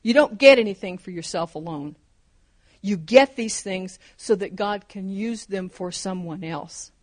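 A woman's voice: mid-range voice, measured pace. A woman in her fifties or older preaching a sermon, fervent and emphatic, driving her points home with repeated phrases.

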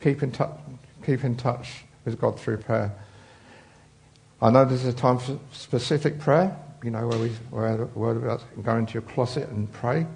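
Gravelly preacher, chatty. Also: male voice, medium pitch, moderate pace, darkish tone. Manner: chatty, rambling, with many fillers and asides. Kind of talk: informal sermon.

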